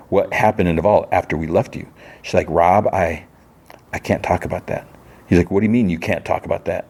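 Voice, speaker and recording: A man's voice: sits low, a little mellow. A man hosting a podcast, recapping a TV episode in a rambling, casual way, full of fillers and quoted dialogue. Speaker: podcast host.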